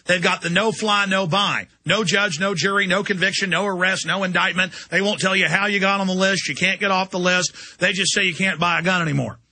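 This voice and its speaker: A man on his own show, ranting with relentless intensity and stumbling over repeated words as he pushes on. His voice is gravelly and strained, with a sharp, tight edge. It sits high for a man. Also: fairly even intonation, a little fast, hardly any pauses. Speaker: radio host. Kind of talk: angry political rant.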